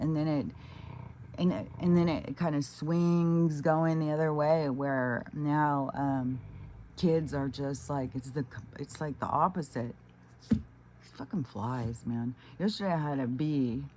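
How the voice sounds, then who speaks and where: Middle-aged woman, low voice, heated profane rant, casual vlog, faint background hum. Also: a little mellow. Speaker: vlogger.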